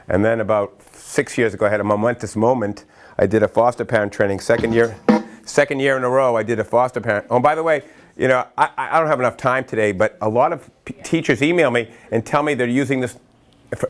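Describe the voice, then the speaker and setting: A middle-aged man from Massachusetts giving an energetic training talk to educators, telling stories in quick bursts with self-interruptions and acting out quotes. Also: mid-range voice. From Massachusetts, USA. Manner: lively storyteller who acts out quotes and breaks into chanting. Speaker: workshop speaker for educators.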